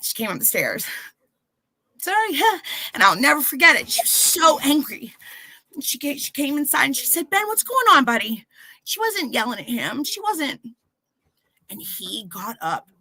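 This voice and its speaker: A woman in her thirties, a podcast guest telling a candid personal story, animated and acting out the voices of people she quotes. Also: high-pitched, moderate pace, slightly rough, no echo, rough recording.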